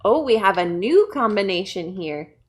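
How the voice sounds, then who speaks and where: A woman children's librarian reading a picture book aloud to kids, playful and bursting into loud exclamations. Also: medium pitch, lively intonation, moderate pace. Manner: playful, with big shouted exclamations.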